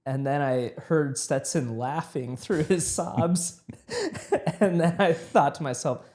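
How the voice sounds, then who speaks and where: A man with a mellow, relaxed tone co-hosts a movie review podcast. He speaks in a mid-range voice, thoughtful and a little hesitant, often pausing on "uh". The delivery stays casual and conversational. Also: on the high side. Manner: reflective, with hesitant fillers.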